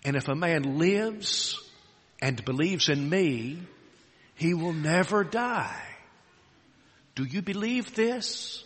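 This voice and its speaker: A calm, solemn Jesus speaks slowly and quietly, each phrase measured as a man acts him out. The voice is bright and clear. A long reverb trails behind it, as in a large hall. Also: mid-range voice, full character voice. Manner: slow, hushed, measured delivery.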